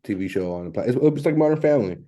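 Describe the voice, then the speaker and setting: A man's voice: medium pitch, animated, very fast, mellow. A man co-hosting a podcast, chatting casually, rambling and swearing, acting out quotes as he goes. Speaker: podcast co-host. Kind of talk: casual chat.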